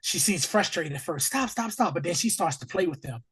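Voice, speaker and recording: A hoarse, husky-voiced man talks through a TV episode with a co-host. He is casual and animated and jumps into quick voices for the characters. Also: fairly high pitch. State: hoarse from allergies. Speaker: podcast host. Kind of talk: casual TV episode recap chat.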